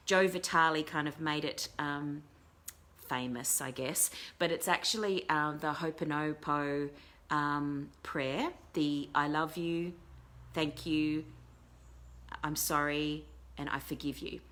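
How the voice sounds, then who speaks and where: A woman's voice: sits low, fairly even intonation, takes it slowly, fairly bright tone. A middle-aged woman hosting a casual talk show as a life coach, chatting in a rambling way with many fillers and restarts. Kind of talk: casual live-stream talk.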